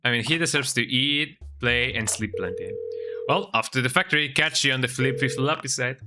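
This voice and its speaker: A man's voice: medium pitch, fairly quick, music in the background. A man streaming a game, chatting casually, often ending sentences with "eh?" and talking to his cat. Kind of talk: casual gameplay commentary.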